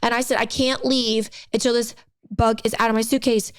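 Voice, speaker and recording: Animated young woman telling a story. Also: a little high, fairly quick, clear, resonant tone, no room sound. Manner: animated storyteller who acts out quotes. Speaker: podcast co-host. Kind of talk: casual chat, storytelling.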